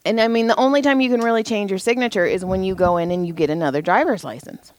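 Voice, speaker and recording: A woman in her forties telling a profane, animated story on a casual podcast, speaking as a parent. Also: medium pitch, fast talker, no room sound. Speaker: podcast co-host.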